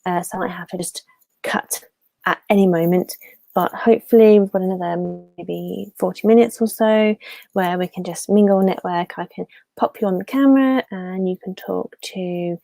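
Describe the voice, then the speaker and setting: A young woman chats loosely on a home live stream. She rambles and restarts in a soft, mellow voice. The sound is dry and close. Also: mid-range voice, no echo. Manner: chatty and rambling, with many fillers and restarts. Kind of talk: casual live stream chat.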